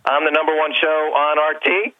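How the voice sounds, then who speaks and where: A man's voice: a little high, steady tone, fairly quick. Bombastic man on a muffled phone line. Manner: fiery, bombastic, provocative. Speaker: guest financial commentator. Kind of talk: call-in talk show guest. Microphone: telephone.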